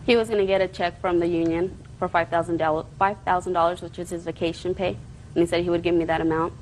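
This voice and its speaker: A woman's voice: lowish voice, little pitch movement, quick pace, a little hiss or hum, low-quality recording. A woman plaintiff giving courtroom testimony in an earnest, rambling way, defensive when challenged.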